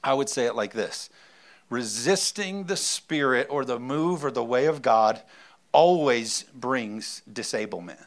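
A man's voice: medium pitch, animated, measured pace, a bit bright. A man preaching a sermon in a conversational way, acting out little asides and reading scripture aloud. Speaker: pastor.

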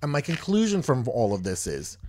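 A man's voice: medium pitch, wildly swooping pitch, a little fast, a little mellow, a little hiss or hum. A man hosting a podcast, telling a long story in casual chat, rambling and exasperated, swearing freely. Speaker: podcast host.

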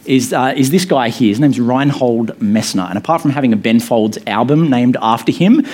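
A man's voice: mid-range voice, normal speed, a little mellow. A man in his thirties, a pastor, giving a sermon in a casual, good-humoured way with many fillers. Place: church hall with echo.

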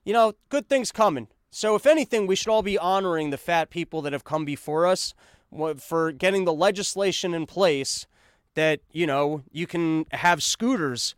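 A man's voice: on the high side, normal speed, smooth, no room sound, clean studio sound. A man hosting a podcast, delivering a sarcastic, rambling comedic monologue. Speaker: podcast host.

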